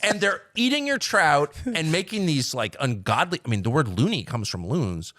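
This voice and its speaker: A middle-aged man, a podcast guest, talking candidly and wryly, dropping to low mutters and then jumping up in loud bursts. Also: big pitch swings, moderate pace, no echo, clean studio sound. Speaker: podcast guest, political commentator. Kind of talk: casual conversation.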